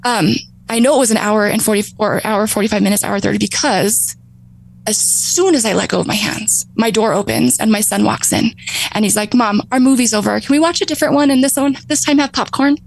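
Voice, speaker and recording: A woman in her thirties telling her own recovery story on a talk show, animated, laughing often and acting out her past thoughts. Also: medium pitch, fairly quick, creaky, low-quality recording. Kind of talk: emotional personal storytelling.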